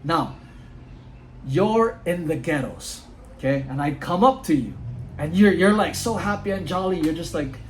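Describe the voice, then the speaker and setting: A man's voice: a little high, lively intonation, a little slow, a little hiss or hum, poor audio. A man giving an earnest, casual motivational talk outdoors at home, often saying "dude" and "like". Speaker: motivational vlogger.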